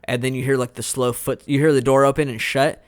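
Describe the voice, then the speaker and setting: A man's voice: medium pitch, little pitch movement, brisk, no room sound. A man co-hosting a casual movie review podcast, retelling scenes with acted-out quotes. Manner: rambling, acts out scenes with quoted voices. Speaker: podcast co-host.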